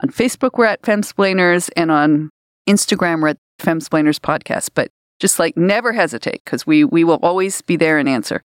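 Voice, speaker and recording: A woman co-hosting a podcast, telling stories in a casual, animated way and laughing often. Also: fairly low pitch, fairly quick, clean tone, dry recording, clean studio sound. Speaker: podcast co-host. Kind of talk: casual chat.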